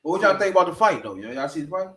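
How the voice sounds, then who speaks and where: Animated DC man, high lively voice. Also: very fast, slight background noise. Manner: animated, profane street slang, laughs often. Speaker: podcast host. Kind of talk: casual chat. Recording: roomy echo.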